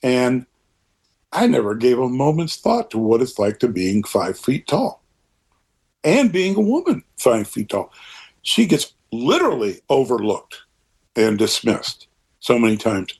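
An older man speaks in a relaxed interview conversation, his voice husky with a breathy edge. He rambles earnestly, stacking up thoughts and throwing in lively asides as he goes. His pitch sits in a middling range for a man. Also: measured pace.

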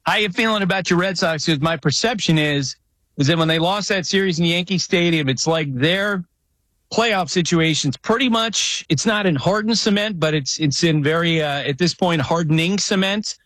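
A man's voice: a little high, moderate pace, fairly bright tone, dry recording. A man hosting a casual sports chat, telling stories with frequent restarts. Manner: conversational, frequent restarts, storytelling. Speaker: podcast host.

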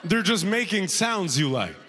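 Animated male stand-up comic, lively pitch. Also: in a large hall. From outside the United States. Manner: animated storytelling with quick impressions. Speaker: stand-up comedian. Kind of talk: stand-up routine.

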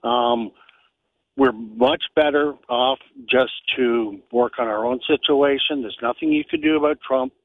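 A man calls in to a talk radio show and speaks bluntly and matter-of-factly, his pitch rising and falling a lot. The sound is thin and tinny like a phone line, very dry. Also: animated, a little slow, gravelly, no echo. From Canada. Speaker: caller. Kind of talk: call-in radio opinion.

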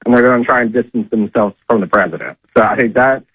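A husky man of medium pitch talks fast as he phones in political commentary in his role as a correspondent. It sounds tinny, with no echo, and his conversational delivery keeps returning to "uh" and "I mean."

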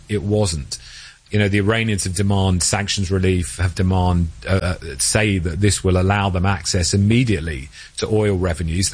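A man reporting as a news correspondent in a very low, husky voice. He talks in a measured, analytical way, pausing now and then to find the right word as he weighs up a developing story. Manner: measured, analytical, with occasional hesitations. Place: Washington.

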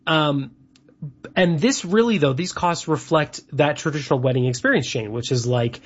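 Male host, casual chat, husky, filler-heavy, muffled audio. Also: on the high side, moderate pace. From Canada. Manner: chatty, rambling with fillers. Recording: dull lo-fi sound.

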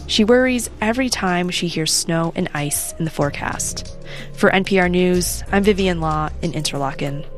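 A woman reporting a public radio news story in a measured, clear voice. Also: fairly low pitch, soft background music.

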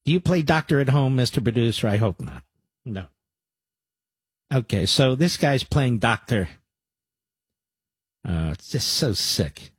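A man's voice: medium pitch, lively intonation, a little slow, long pauses, breathy edge, no room sound. A man hosting a talk radio show, combative and sarcastic, with rambling asides to his producer.

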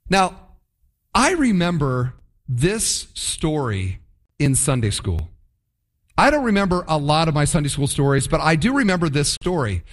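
High-voiced man preaching animatedly. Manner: animated, acts out scenes in voices. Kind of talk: sermon.

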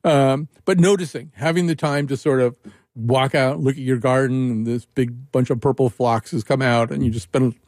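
A man in his seventies hosts a radio call-in chat, rambling and chuckling often. His pitch leaps upward as he gets animated. The sound is dry and close. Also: normal speed, no echo. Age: 70s. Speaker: radio show host.

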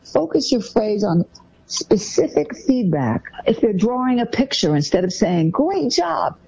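A woman's voice: unhurried, husky. A woman hosting a talk show, giving parenting advice in a conversational way and acting out the phrases parents say to their kids. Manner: animated, acts out parents' phrases in a higher voice. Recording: dull lo-fi sound.

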